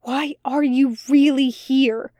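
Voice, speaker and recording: A woman's voice: high voice, steady tone, takes it slowly, warm tone, no room sound. A woman voicing a furious, hissing angel. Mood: angry. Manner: demanding, near hissing. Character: agitated, suspicious male angel.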